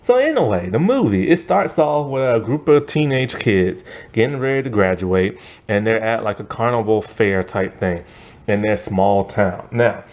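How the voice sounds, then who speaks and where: Animated man ranting in a movie review. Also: on the low side, normal speed. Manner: exasperated, laughs at the film, informal slang.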